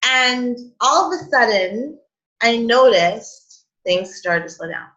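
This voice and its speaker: Speaking slowly and expressively in a voice on the high side with a fairly bright tone, a woman hosts a spiritual coffee chat. Her heartfelt, casual talk to the live group is packed with fillers, laughter, and near-tears, all captured in dull lo-fi stream audio.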